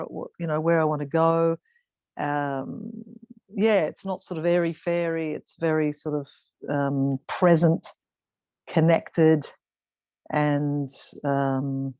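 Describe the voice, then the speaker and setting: A woman's voice: low voice, darkish tone, no room sound, lo-fi sound. Weary woman on a call, reflective, hunts for words, dry sound. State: tired, yawning. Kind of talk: casual sharing in a group call.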